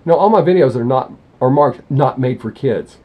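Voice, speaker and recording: A man's voice: medium pitch, expressive, moderate pace, husky, highs cut off. A man hosting a music reaction channel, talking bluntly and rambling, often correcting himself mid-sentence. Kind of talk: casual opinionated talk to camera.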